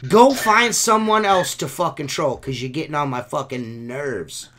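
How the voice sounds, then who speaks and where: A man's voice: fairly high pitch, measured pace, noisy background. A man hosting a podcast, ranting in a profane, exasperated way. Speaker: podcast host. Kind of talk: casual podcast rant.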